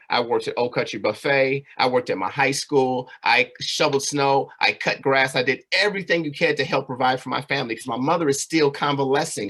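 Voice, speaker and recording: A man's voice: mid-range voice, a bit bright. A man giving a personal storytelling talk to a community audience, earnest and conversational, often checking in with "right?" and "you know". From California. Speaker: community speaker.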